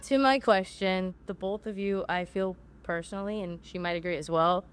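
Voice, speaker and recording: A woman's voice: mid-range voice, normal speed. A woman in the audience at a fan panel, asking a nervous, rambling question.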